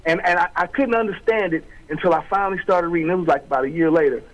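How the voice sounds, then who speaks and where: A man's voice: high-pitched, quick pace, lo-fi sound. A middle-aged man, a guest author, telling his story in an interview with streetwise slang, acting out quoted voices.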